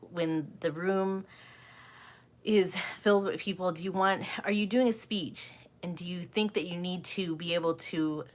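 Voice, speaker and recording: Woman, middle-aged communication coach, somewhat low pitch, earnest and repetitive. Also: a bit bright. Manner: earnest, repeats phrases, asks many rhetorical questions. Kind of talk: live online coaching talk.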